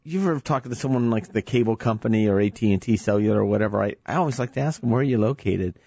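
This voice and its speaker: A man's voice: on the low side, very fast, creaky, mellow, dry recording, highs cut off. A man co-hosting a weekend radio advice show, teasing his partner with playful jokes. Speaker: radio show co-host and financial advisor. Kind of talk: casual radio banter. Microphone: studio microphone.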